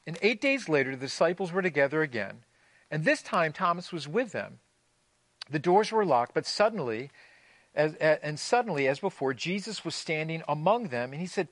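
Preaching a sermon at a moderate pace, this pastor has a fairly bright, sing-song voice on the high side, with no echo. His stories come across conversational and lightly humorous, and he often repeats words while restarting phrases.

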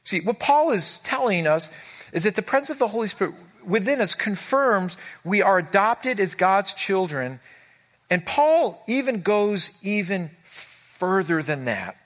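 A man's voice: high voice, very animated, measured pace, a bit bright. A man preaching a sermon to a live congregation, earnest and emphatic, rising on key words and stumbling over repeated words when moved. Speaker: pastor. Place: before a live congregation with a screen.

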